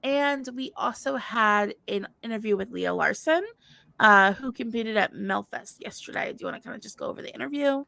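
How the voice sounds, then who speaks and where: A woman's voice: on the high side, moderate pace, gravelly, sharp tone, dry recording, clean studio sound. A woman co-hosting a casual livestream chat, rambling and chatty, often apologizing and laughing. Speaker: livestream co-host.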